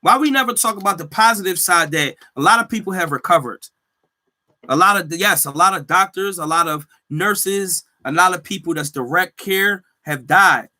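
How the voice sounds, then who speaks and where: A man hosting a casual solo podcast, telling stories in animated slang and laughing often. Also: high-pitched, normal speed. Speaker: podcast host; healthcare worker.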